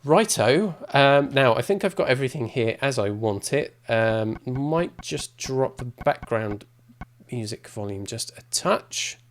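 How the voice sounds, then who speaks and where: A man's voice: mid-range voice, animated, unhurried. A man giving casual, rambling gameplay commentary as a streamer, with self-mocking asides. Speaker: game streamer.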